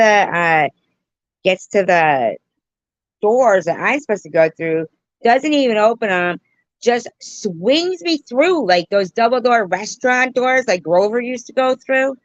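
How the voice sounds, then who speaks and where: A woman livestreamer telling a story and joking with her viewers in an animated, playful way, on a dull, dry lo-fi recording. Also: medium pitch, no room sound. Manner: animated, jokey, slow and drawn out. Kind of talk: casual storytelling and chat.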